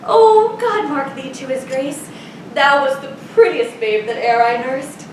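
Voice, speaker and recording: A woman's voice: high-pitched, big pitch swings, a little slow, recorded from a distance, a little hiss or hum. Woman playing a bawdy rambling old nurse. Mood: chatty. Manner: rambling, giggling, sentimental. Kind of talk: live student stage acting. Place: theater stage. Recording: roomy stage sound from afar.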